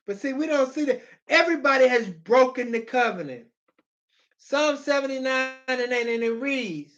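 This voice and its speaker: A preacher delivering an emphatic, pleading sermon, reading scripture aloud with repeated phrases and bursts of shouting. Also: sits high, expressive, moderate pace, muffled recording.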